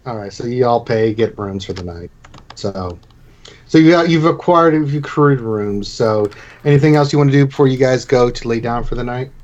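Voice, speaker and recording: A man's voice: mid-range voice, normal speed, darkish tone. A man narrating as game master of a tabletop game, casual and chuckling. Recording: dull lo-fi recording.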